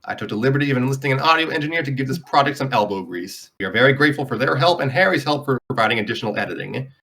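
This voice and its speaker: Lively man narrating with dry jokes. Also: medium pitch, very fast, creaky. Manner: dry self-mocking jokes. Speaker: host and narrator. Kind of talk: scripted story narration.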